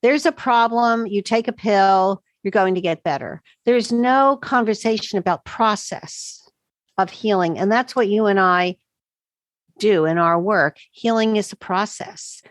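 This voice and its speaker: A woman's voice: medium pitch, unhurried, dry recording. Emphatic woman, dry sound. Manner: emphatic, animated storytelling with quoted asides. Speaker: integrative medicine doctor, podcast guest. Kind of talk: podcast interview answers.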